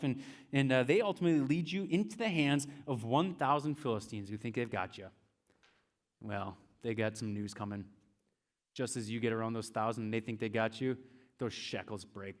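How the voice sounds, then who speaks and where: Male youth pastor, slightly higher voice, casual storytelling sermon. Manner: casual, chatty, tells it in second person.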